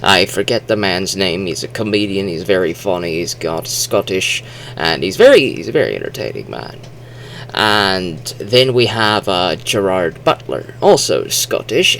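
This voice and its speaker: Male reviewer, casual and rambling, low and gravelly, lively pitch, quick to play out quotes in voices. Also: a little hiss or hum. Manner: rambling and chatty, with many fillers and restarts; acts out quotes in animated voices. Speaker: movie reviewer. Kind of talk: casual spoken movie review.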